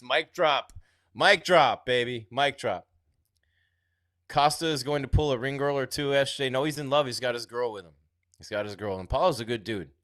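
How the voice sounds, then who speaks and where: A man's voice: medium pitch, no echo, clean studio sound. Chatty man hosting a live fight stream. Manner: chatty, reads viewer comments aloud, trails off quietly. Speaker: livestream host reading chat. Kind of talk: casual live-stream commentary.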